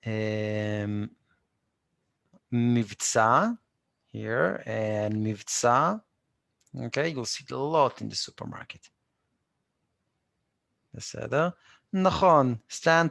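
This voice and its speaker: A man with an Israeli accent teaching a live online Hebrew class, repeating words slowly and patiently and answering students by name. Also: mid-range voice, animated, gravelly, fairly bright tone, no room sound, clean studio sound. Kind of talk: live online language lesson.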